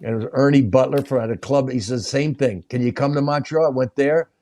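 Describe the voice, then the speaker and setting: A man's voice: mid-range voice, steady tone, fairly quick, warm tone. A comedian guest telling stories about his early career in a rambling way, chuckling as he goes. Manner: rambling, chuckling between lines. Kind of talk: casual comedy storytelling.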